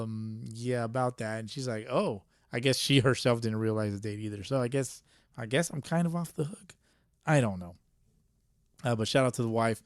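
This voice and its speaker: A young man hosts his own podcast alone, rambling through a casual rant full of swearing and quick laughs. He sounds a little buzzed, his voice sits in an ordinary middle pitch, and the recording is dry and close. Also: dry recording. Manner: profane, rambling, laughs often. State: a little tipsy. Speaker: podcast host.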